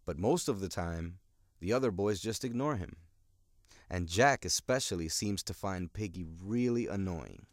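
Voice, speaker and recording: A man teaching, explaining a novel to students in a calm, explanatory manner. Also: sits low, moderate pace, dry recording, clean studio sound.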